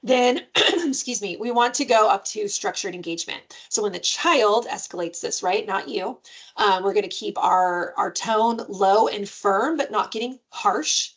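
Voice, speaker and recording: A woman presenting a parenting webinar in a conversational way, often checking in with "right?" and sometimes jumping into playful high voices for examples. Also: unhurried, fairly bright tone. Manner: jumps into playful high-pitched voices when giving examples.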